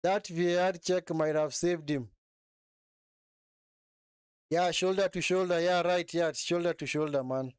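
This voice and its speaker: Excitable man streaming live football commentary. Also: on the high side, unhurried, long pauses, smooth, dry recording, studio quality. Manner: excitable, repeats phrases, frequent tag "eh?". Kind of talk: live match commentary and chat.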